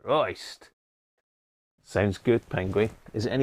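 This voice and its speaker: A man's voice: medium pitch, lively intonation, moderate pace, vocal fry. A man hosting a casual live stream about restoring an old radio, chatty and greeting viewers by name as he works.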